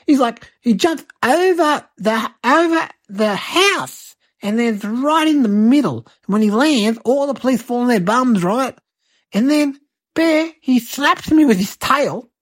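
Woman doing a cheeky eight-year-old boy, high-ish and rambling, dry close sound. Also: lively intonation, measured pace, dry recording. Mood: excitable. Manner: rambling, breathless, childlike exaggeration. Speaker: host. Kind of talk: comic storytelling monologue.

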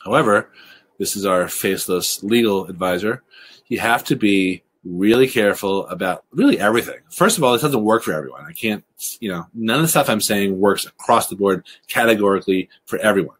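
Fast-talking low-voiced man presenting. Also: expressive, fairly bright tone, a little hiss or hum. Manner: fast-talking, brisk and explanatory. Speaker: webinar presenter on college financial aid. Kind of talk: recorded webinar presentation.

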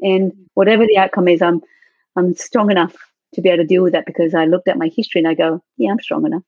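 Earnest woman guest, husky lo-fi sound. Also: fairly low pitch, level tone, quick pace, no room sound. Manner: heartfelt, earnest, easily moved. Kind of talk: candid personal storytelling. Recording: dull lo-fi dry sound.

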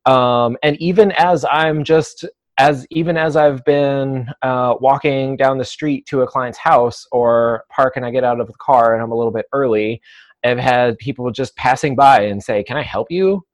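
A man who works as a dog trainer, speaking as an interview guest in a thoughtful, measured way, pausing often with "um" and "uh". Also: medium pitch, steady tone, no room sound. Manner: thoughtful, measured, many "um" and "uh" pauses. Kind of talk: conversational interview.

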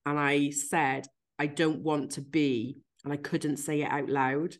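A woman with a low voice hosts a candid podcast chat. She talks frankly and with feeling, pokes fun at herself and swears now and then. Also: flat delivery, measured pace. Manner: frank, emphatic, self-deprecating, swears casually; recounts a tearful therapy session. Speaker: podcast host.

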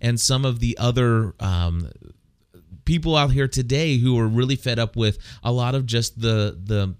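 A man's voice: medium pitch, normal speed, smooth. A man in casual conversation about church life, earnest and often stumbling over his words as he corrects himself. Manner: rambling, self-correcting, earnest. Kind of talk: casual faith discussion.

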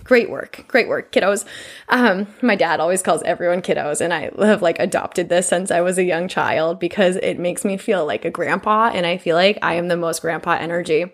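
A woman's voice: lowish voice, normal speed. A woman in her twenties hosting a podcast, talking in a casual, profane, effusive way about self-love, a little out of breath. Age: 20s. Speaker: podcast host. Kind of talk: casual self-help monologue.

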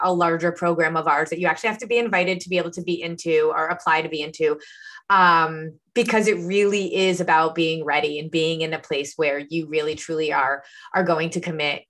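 A woman's voice: low-pitched, fairly bright tone. A woman who hosts as a nutrition coach, encouraging and persuasive as she interviews a client.

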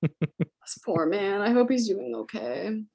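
A woman's voice: mid-range voice, slow pace, creaky, noisy background. Laughing woman telling a funny story. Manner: animated, laughs while telling stories. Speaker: podcast host. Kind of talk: casual storytelling chat.

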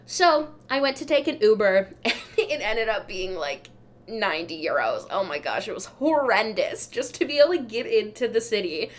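A woman's voice: medium pitch, sing-song, moderate pace. A young adult woman hosting a podcast, telling travel mishaps in a chatty, wry, self-deprecating way. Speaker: podcast host. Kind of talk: casual travel storytelling.

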